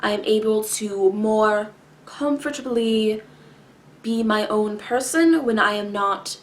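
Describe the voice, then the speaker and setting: Woman vlogger, unhurried and carefully enunciated, mid-pitched, pauses often, fills gaps with ums and throat-clearing. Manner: deliberate, enunciated, with long pauses; frequent filler words and throat-clearing. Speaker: vlogger answering viewer questions. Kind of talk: casual explanatory talk to camera.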